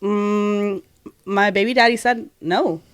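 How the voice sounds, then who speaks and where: A young woman co-hosting a podcast tells a personal story in casual chat, animatedly acting out quotes and sprinkling in Spanish words. Her mid-range voice has a clean tone, she takes her time, and the recording is dry.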